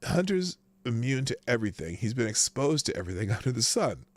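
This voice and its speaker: A man hosting a casual live news stream, mocking the headlines with sarcastic asides, laughing often and jumping from loud outbursts to low mutters. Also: sing-song, a little fast, dry recording.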